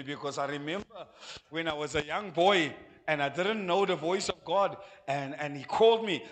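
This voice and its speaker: High-voiced, animated South African pastor. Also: male voice, moderate pace. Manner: animated, acts out voices and laughs while preaching. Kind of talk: sermon. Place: church. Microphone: handheld mic.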